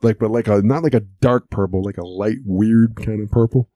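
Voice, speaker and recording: A man's voice: on the low side, normal speed, warm tone, dry recording, clean studio sound. A man co-hosting an audio podcast, chatting and laughing as he recaps a cartoon episode. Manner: chatty, amused, laughs often while recapping. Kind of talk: casual chat.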